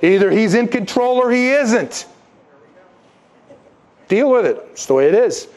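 Animated man preaching a sermon. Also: high voice, a little slow, long pauses. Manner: animated, conversational preaching with acted-out quotes. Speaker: pastor.

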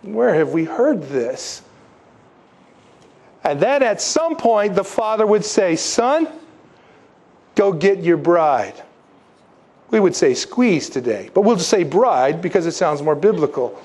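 A man preaching a sermon, emphatic and animated, posing rhetorical questions to his listeners and slipping into stories. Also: sits high, a little slow, husky. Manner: animated storytelling with asides. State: congested, needing tissues. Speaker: pastor.

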